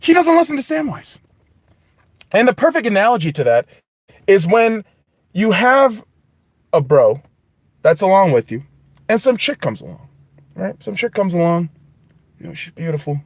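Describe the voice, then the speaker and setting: A man hosting a podcast, ranting casually and profanely in an animated, rambling way. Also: sits high, normal speed, pauses often, dry recording. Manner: animated, rambling, heavy swearing. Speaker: podcast host.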